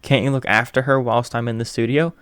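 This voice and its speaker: A man's voice: medium pitch, fairly even intonation, a little fast, a bit bright, smooth, dry recording, studio quality, close to an everyday voice. A man voicing a shy, flustered teenage boy who stammers nervously.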